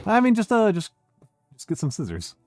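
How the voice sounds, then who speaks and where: A man's voice: high-pitched, wildly swooping pitch, moderate pace, darkish tone, no room sound, soft background music. A male streamer hosting a casual chat, rambling with many fillers and restarts. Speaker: streamer and host.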